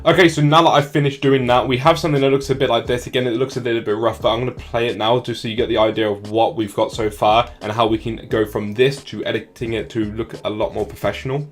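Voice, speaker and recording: A man talking fast and casually through a software tutorial, often saying "like". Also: mid-range voice, steady tone, faint music behind. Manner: fast, casual, many "like" fillers. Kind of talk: screen-recorded tutorial walkthrough.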